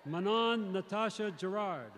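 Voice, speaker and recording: A male teacher reading out graduates' names one by one at a graduation ceremony in a large arena, in a measured announcing manner. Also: sits high, animated, a bit bright. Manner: measured, announcing each name, with brief self-corrections. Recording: crowd noise in a large arena. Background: crowd cheering.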